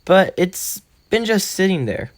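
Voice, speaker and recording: A man's voice: high-pitched, sing-song, unhurried, dry recording, pitched above the performer's own voice. A man voicing a cheerful, curious teenage schoolgirl who stumbles over her words. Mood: eager.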